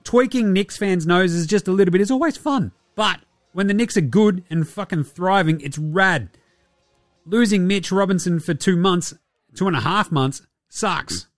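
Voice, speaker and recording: A man's voice: high-pitched, normal speed, no echo, studio quality, soft background music. A young Australian man hosting a casual basketball podcast, sarcastic and profane, often putting on mocking voices for the people he talks about. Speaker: podcast host. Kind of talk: casual sports commentary.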